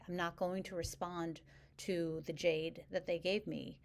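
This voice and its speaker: A middle-aged woman coaching couples in a direct-to-camera advice video, speaking calmly and evenly with small acted example phrases. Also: on the low side, creaky, slight background noise. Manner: calm, measured, explains with acted example phrases.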